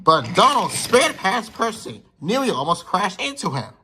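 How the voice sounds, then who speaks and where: Guy telling a toy train story, bright husky voice, kinda rambly. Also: high voice, very animated, moderate pace. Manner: plain, rambling with slips. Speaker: narrator.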